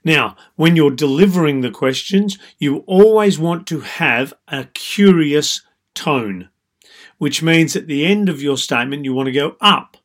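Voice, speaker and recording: A man who works as a dating coach, giving calm, explanatory advice in a monologue with frequent "so" and "you know". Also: on the high side.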